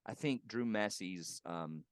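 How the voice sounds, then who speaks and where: A man's voice: lowish voice, takes it slowly, no echo, studio quality. A man, a professional puppeteer, fondly recalling colleagues in a casual interview and laughing now and then as he tells anecdotes. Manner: warm, reminiscing, laughs while telling anecdotes. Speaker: guest puppeteer. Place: home.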